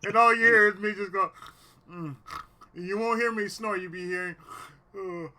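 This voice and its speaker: A man streaming a game, chatting loudly, laughing often and reading the game's lines aloud. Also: high-pitched, steady tone, moderate pace, a little hiss or hum. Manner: loud, laughing, swears a lot. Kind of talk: casual live stream banter and reading game text aloud.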